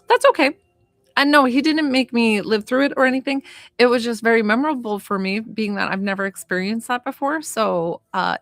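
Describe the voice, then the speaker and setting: A woman's voice: mid-range voice, dry recording. Woman chatting on a live stream, rambling and heartfelt, plenty of fillers, dry close sound. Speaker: psychic medium and healer. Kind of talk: casual live-stream chat.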